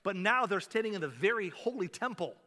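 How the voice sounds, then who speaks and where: Man, pastor, sermon, hushed-to-loud delivery, lingering hall reverb. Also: sits high, animated, fairly quick. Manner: dynamic preaching, swings from hushed to loud.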